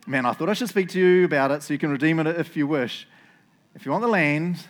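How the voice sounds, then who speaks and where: A man voicing an ancient suitor bursting with anxious excitement, gushing and breathless. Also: fairly high pitch, racing. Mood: excited. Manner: breathless, gushing, rising to shouts.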